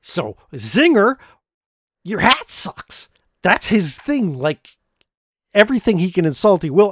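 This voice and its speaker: A man with a fairly high voice talks through a film plot in a loose, joking way. He keeps restarting his sentences. The sound is dry and close to the mic. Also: no room sound. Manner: animated, joking, frequent restarts. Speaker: podcast host reviewing films. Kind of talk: casual film recap.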